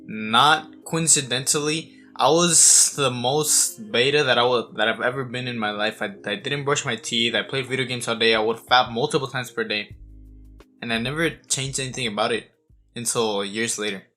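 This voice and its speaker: A man's voice: medium pitch, normal speed, pushed and bright, faint music behind. A man in his twenties giving a blunt, profane monologue, stumbling over restarts. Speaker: self-improvement vlogger.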